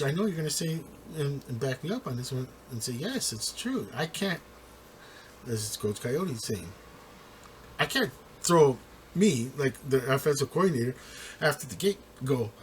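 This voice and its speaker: A man's voice: on the high side, sing-song, unhurried, a little hiss or hum. A man giving casual postgame football commentary, rambling with many restarts and laughing often.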